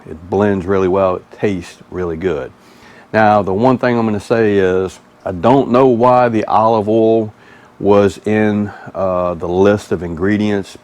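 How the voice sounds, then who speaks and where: A man with a Mississippi Southern accent hosts a casual cooking vlog, chatting in a folksy, easygoing way. His voice is deep and a little mellow.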